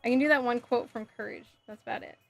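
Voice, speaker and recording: A woman's voice: on the high side, steady tone, quick pace, creaky, faint music behind. A woman live streaming as she builds a model kit, chatting with viewers in a sassy, giggly way. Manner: sassy, playful, giggly, reacts to chat messages.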